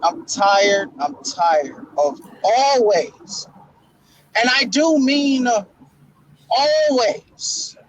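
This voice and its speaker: A man co-hosting a casual wrestling talk show, talking in an emotional, preacher-like way with dramatic pauses. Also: very high-pitched, expressive, a little hiss or hum, poor audio. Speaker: podcast co-host.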